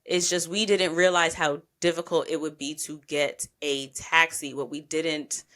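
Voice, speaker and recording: A woman's voice: low-pitched, steady tone, measured pace, fairly bright tone. A woman podcast host telling a travel story in a chatty, rambling way, with casual swearing and lots of asides.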